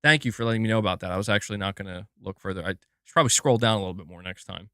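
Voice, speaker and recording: Animated man hosting a live stream. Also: lowish voice, rapid-fire, smooth, dry recording, studio quality. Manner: swearing, animated, thinks aloud with restarts. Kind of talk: casual live-stream commentary.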